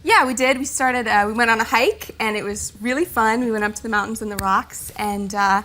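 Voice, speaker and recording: A woman's voice: a little high, fairly quick, slight background noise. A woman contestant on a television dating show, talking emphatically and animatedly about her boyfriend. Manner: emphatic and animated, talks over her partner. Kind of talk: talk show guest chat.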